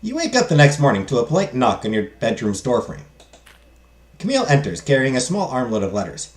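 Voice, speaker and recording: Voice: medium pitch, sing-song, fairly quick. A game streamer reading game text aloud and making joking, self-mocking asides while playing. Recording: roomy echo.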